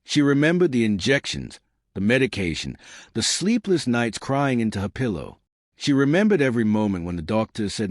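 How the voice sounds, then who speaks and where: Male storyteller, low voice, lively melody, calm and expressive. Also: moderate pace, no room sound, clean studio sound. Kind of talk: scripted story narration.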